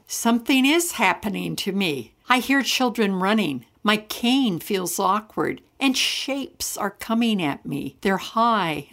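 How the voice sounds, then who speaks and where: A woman storyteller giving an expressive, dramatic first-person reading of a Bible story. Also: mid-range voice.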